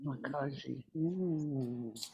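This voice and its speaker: A woman teaching a language class over a video call, explaining step by step with frequent pauses and ums. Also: extremely low pitch, warm tone, dull audio.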